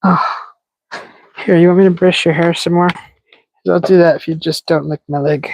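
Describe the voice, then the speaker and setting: Hosting a livestream outdoors in a desert yard, a woman chats casually and giggles, often restarting. Her lowish, darkish voice stays fairly even in intonation at normal speed. The recording is dry and close but rough.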